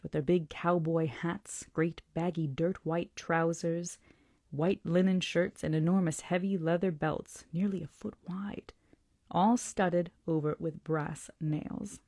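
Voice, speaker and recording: A woman hosting a book club, reading a novel aloud slowly and deliberately, often dropping into whispers. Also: on the low side, steady tone, a little mellow, dry recording, clean studio sound. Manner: slow, deliberate, dips into whispers.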